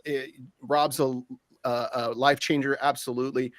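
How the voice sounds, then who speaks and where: A man co-hosting a livestream over a video call, talking in a relaxed, supportive way with many fillers. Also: medium pitch, normal speed, no echo. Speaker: co-host.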